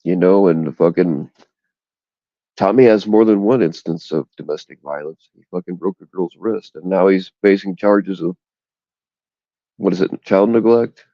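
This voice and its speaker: Outdoors in the cold, a man hosts a casual livestream chat on his phone, launching into blunt, profane, indignant rants. His voice sits low at a normal speed, and the audio is dull but free of echo.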